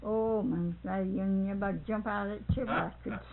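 A woman's voice: medium pitch, fairly even intonation, brisk, gravelly, very noisy. An older woman telling family stories, laughing often as she talks. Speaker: storyteller recalling family life. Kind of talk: casual oral history. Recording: tinny phone-like old tape.

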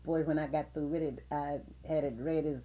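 Older woman interviewee, low-pitched storyteller, phone-thin recording. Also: normal speed, slight background noise. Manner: lively, animated retelling with quoted dialogue. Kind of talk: storytelling in conversation. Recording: tinny phone-like sound.

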